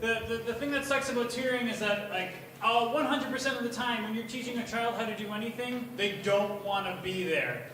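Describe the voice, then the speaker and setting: A high-voiced young man works through a profane, rambling stand-up bit at a bar open mic and erupts into shouting along the way. He sounds distant and swimming in heavy room echo, as if recorded from the back of the bar. A clear wash of room noise sits under him the whole time. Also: fairly quick, few pauses. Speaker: stand-up comedian. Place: small bar at an open mic night, indoors. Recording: echoey bar taped from far off, with room noise.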